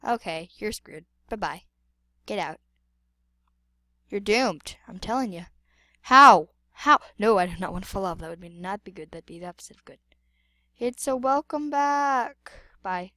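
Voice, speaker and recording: A woman's voice: fairly low pitch, normal speed, fairly bright tone, no room sound. A woman giving playful, dramatic gameplay commentary, exclaiming and repeating words. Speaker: gamer.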